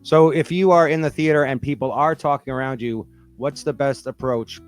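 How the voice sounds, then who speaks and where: Smooth-voiced teasing New host. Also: male voice, medium pitch, fairly even intonation, moderate pace, soft background music. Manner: playful, teasing, mock-formal. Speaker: podcast host. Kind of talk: casual interview.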